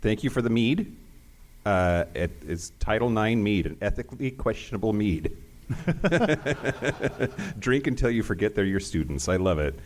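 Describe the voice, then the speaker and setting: A man's voice: lowish voice, unhurried. A man co-hosting a live podcast on stage, playful and laughing as he calls audience members up. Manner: playful, laughing, animated emcee. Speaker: podcast co-host.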